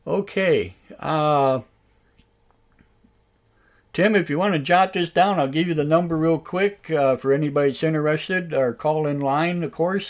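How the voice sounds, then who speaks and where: A man hosting a live online radio show, talking in a halting, casual way with many fillers and restarts, his voice a bit raspy tonight. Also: a little high. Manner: slow, drawn-out talk. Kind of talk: casual live-stream talk.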